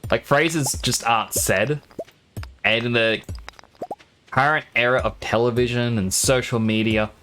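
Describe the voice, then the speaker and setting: A man's voice: mid-range voice, steady tone, a little slow, pushed and bright, a little hiss or hum. A sleepy young man streaming a game, chatting in a rambling way and laughing often. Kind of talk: casual gaming stream chat.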